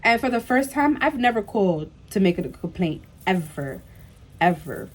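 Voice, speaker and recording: A young woman vlogger telling a storytime tale in an animated way, full of "like" and "bro" and emphatic repeats. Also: medium pitch, moderate pace. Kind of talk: storytime vlog.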